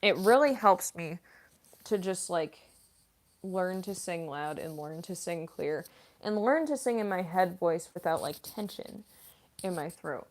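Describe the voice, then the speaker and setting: On a casual livestream, a voice actress and streamer replies to viewer comments in an animated yet unhurried way, her pitch fairly low. She's a classically trained singer, and her chatty talk is full of fillers like "like" and "um."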